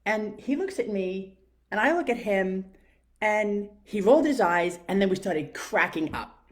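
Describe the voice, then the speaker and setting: A woman's voice: mid-range voice, expressive, a little slow. A middle-aged woman with a New York accent, telling a reflective story with many fillers and self-questions. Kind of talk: reflective monologue.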